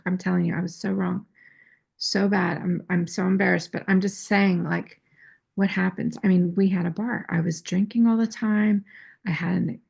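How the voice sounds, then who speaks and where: A woman's voice: medium pitch, vocal fry, slightly rough. A woman host telling a personal story in a casual, candid, self-critical way, often restarting her phrases. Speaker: astrology and tarot channel host. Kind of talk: casual confessional talk.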